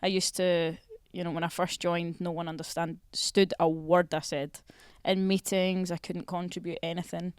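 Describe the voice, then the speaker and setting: A woman's voice: on the low side, flat delivery, normal speed, few pauses, clean tone, no echo. Chatty Scottish woman, dry sound. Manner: chatty, laughs often. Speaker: footballer guest. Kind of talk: casual chat.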